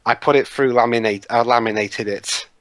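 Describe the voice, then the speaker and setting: A man's voice: medium pitch, steady tone, normal speed, fairly bright tone, no room sound. Easygoing man asking questions. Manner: easygoing, asks curious questions. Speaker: podcast co-host. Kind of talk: casual movie commentary.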